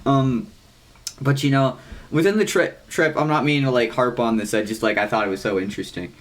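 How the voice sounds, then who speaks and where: A young man co-hosting a podcast. He tells a long, rambling story in casual chat, swearing freely and saying "like" constantly, with excited jumps in pitch. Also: brisk. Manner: rambling, heavy use of "like", frequent swearing. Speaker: podcast co-host.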